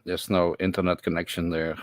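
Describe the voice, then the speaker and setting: A man hosting a casual live stream from home, talking haltingly with lots of repeated words and chuckles. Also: sits low, flat delivery.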